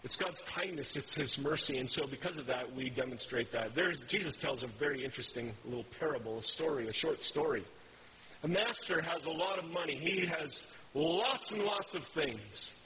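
A man's voice: fairly high pitch, moderate pace, sharp tone, slight background noise, poor audio. A man preaching a sermon, telling a story in a conversational way. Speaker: pastor.

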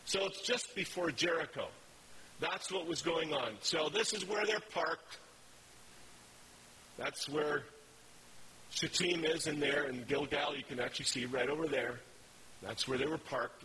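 Brief: male preacher, bright tone, chatty and halting, faint hiss. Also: a little high, rough recording. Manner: casual, rambling, with fillers and self-corrections. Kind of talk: conversational sermon with slides.

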